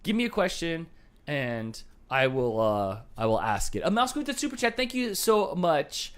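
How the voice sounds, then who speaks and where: A man's voice: fairly high pitch, sing-song, a bit bright, smooth. A man hosting a live trivia game show, bantering and punning with callers. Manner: jokey, teasing, quick puns.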